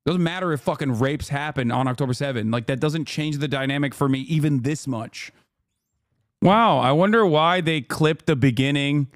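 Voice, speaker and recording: A man's voice: on the high side, normal speed, no room sound, studio quality. A man streaming live, reacting to clips with sarcastic, profane commentary and mock anger.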